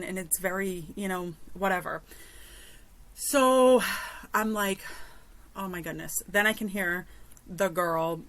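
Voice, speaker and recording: A woman in her thirties hosts a podcast and talks through a story in a loose, chatty monologue. Her pitch sits in the middle of the usual range for a woman, and her asides carry an exasperated edge. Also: pushed and bright. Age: 30s. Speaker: podcast host.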